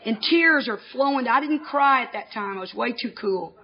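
A woman giving a humorous personal testimony to an audience, a lively storyteller who often laughs at herself. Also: a little high, normal speed, few pauses, dull audio. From Texas, USA. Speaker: recovery speaker. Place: convention hall gathering.

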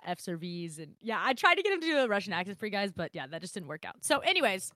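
A woman co-hosting a podcast in casual chat. She reads her notes aloud, stumbles quickly over words and laughs often. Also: mid-range voice, pushed and bright, no room sound, studio quality. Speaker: podcast co-host.

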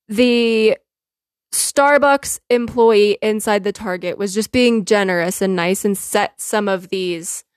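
A woman hosting a podcast, telling a funny story in a casual, animated way and often laughing. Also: mid-range voice, no echo, studio quality. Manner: animated, laughing often, quotes herself and others. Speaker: podcast host.

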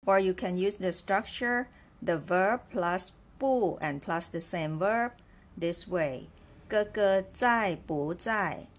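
A woman teaching a beginner language lesson, speaking slowly and patiently, repeating words and checking in with "right?". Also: lowish voice, animated. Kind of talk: slow, clear classroom lesson.

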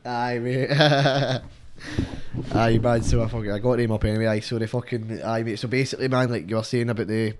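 Young Scottish rapper guest, animated and sweary, rambling chat. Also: male voice, mid-range voice, a little fast, a little hiss or hum. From Scotland. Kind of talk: casual podcast chat.

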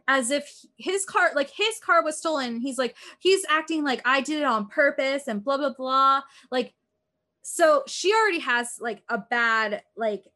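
A woman's voice: fairly high pitch, bright, forceful tone. Rambling chatty woman retelling a story. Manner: rambling, heavy use of "like", acts out quotes. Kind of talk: casual chat, retelling a true-crime show.

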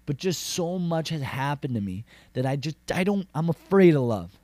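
An actor playing a lonesome, boastful cowboy rancher with a Southern drawl, rambling deadpan with tough-guy bravado and swearing. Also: fairly high pitch, moderate pace, dry recording. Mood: brooding. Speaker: comedy character host. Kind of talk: deadpan comic monologue.

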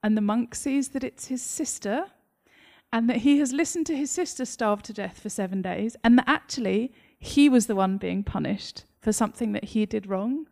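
Animated English woman with gravelly edge. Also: a little high, normal speed. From England. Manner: animated, laughing storyteller. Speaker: author guest. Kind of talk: interview conversation. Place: library talk.

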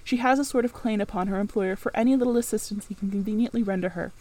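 Woman reading as a commanding brooding gentleman. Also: medium pitch, quick pace, no room sound, close to an everyday voice, low-quality recording. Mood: persuasive. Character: brooding gentleman, middle-aged man, commanding.

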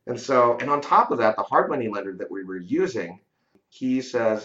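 A man's voice: fairly low pitch, expressive, a little fast, a bit bright. A man telling a story in a casual interview, talking conversationally and often adding "you know" and "right?". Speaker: real estate investor guest. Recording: dull lo-fi audio in a roomy space.

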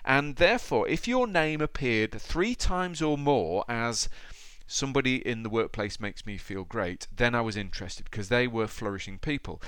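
A man's voice: medium pitch, moderate pace, few pauses, clean tone, no echo. Upbeat man hosting a podcast. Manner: upbeat, animated, energetic delivery. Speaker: podcast host.

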